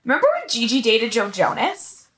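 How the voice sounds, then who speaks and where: A woman's voice: fairly high pitch, very animated, a little fast, fairly bright tone, a little hiss or hum. A woman co-hosting a casual celebrity gossip chat, giggly and rambling. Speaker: co-host.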